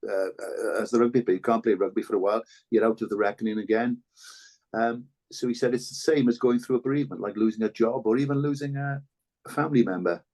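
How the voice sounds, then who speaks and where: An older man, a former rugby player speaking as a podcast guest, telling stories in a halting, earnest way with many restarts. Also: medium pitch, darkish tone. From Wales. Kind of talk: reflective conversational storytelling.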